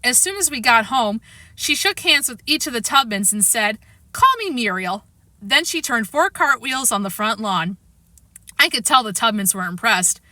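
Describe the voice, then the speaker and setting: Bright, expressive woman reading aloud. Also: fairly high pitch, moderate pace, dry recording. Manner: expressive, storytelling. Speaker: audiobook reader. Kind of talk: reading a children's chapter book aloud.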